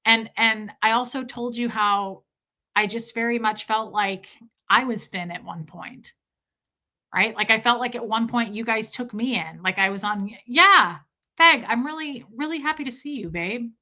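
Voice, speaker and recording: A young woman chats on a livestream with a bright, clear tone. She talks casually and with feeling, full of likes and restarts, as she answers her viewers. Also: a little high, moderate pace. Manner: emotional, heartfelt storytelling with many fillers.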